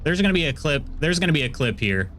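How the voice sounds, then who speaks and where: A man's voice: on the high side, big pitch swings, quick pace, a bit bright, a little hiss or hum. A man with a Midwestern American accent, a streamer chatting casually with viewers while playing a game, laughing often as he reacts to their messages.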